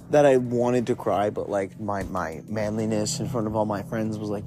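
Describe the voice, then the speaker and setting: A man's voice: lowish voice, steady tone, moderate pace, hardly any pauses, music in the background. A young man telling a story in a loose, rambling way, swearing constantly and filling with "like". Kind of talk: casual profane storytelling.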